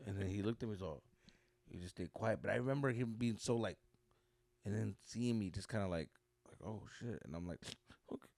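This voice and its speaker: A man's voice: on the low side, moderate pace, pauses often, darkish tone, no echo. A young man co-hosting a podcast, telling a story in casual chat, swearing freely and dropping Spanish slang. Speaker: podcast co-host.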